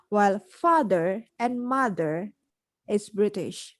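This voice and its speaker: A woman's voice: a little high, slow pace, darkish tone, no room sound. A woman with an Indonesian accent, an English teacher in a casual podcast conversation, talking thoughtfully and searching for words.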